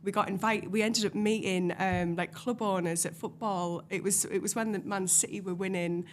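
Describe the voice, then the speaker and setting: A woman's voice: medium pitch, fairly even intonation, moderate pace, a little hiss or hum. A young woman from North East England with a North East English accent, a podcast guest in casual chat who swears freely and acts out her own past lines.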